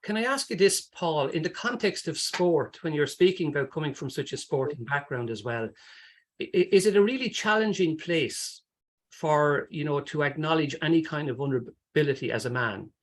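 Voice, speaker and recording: A man's voice: on the high side, expressive, moderate pace. A man hosting a webinar interview, asking long, encouraging questions. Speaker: host.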